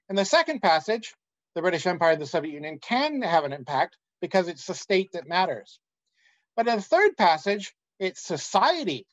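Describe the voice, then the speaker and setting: Man lecturing, dull lo-fi sound. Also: high-pitched. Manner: measured, with frequent "uh" pauses. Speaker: academic lecturer. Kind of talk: academic conference talk.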